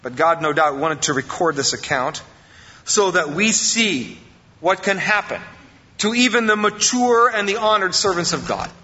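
A male pastor preaches a sermon in a high, sharp voice. He jumps up in pitch and acts out the excuses people make. The sound is a bit dull and carries a long hall reverb. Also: expressive, moderate pace. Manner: preaching with sudden rises in pitch, acting out quoted excuses.

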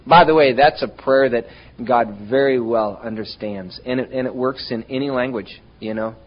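A man's voice: mid-range voice, brisk, husky, highs cut off. A man preaching a sermon, talking straight to his congregation with rhetorical questions and sudden bursts of emphasis. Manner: animated, addresses congregation directly with rhetorical questions. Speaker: pastor.

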